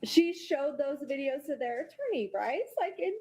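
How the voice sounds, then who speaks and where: A woman's voice: high voice, big pitch swings, moderate pace, darkish tone. A woman in her thirties in a private chat, upset and swearing as she repeats herself. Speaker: widow in a recorded private conversation. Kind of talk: casual heated chat.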